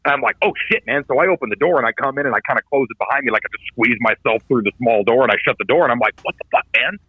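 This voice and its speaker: A man's voice: medium pitch, racing, husky, dry recording. A man in his thirties, a podcast co-host telling a story in casual chat, swearing often and acting out what others said. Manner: animated storyteller, swears a lot, acts out quoted voices. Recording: dull lo-fi podcast audio, dry.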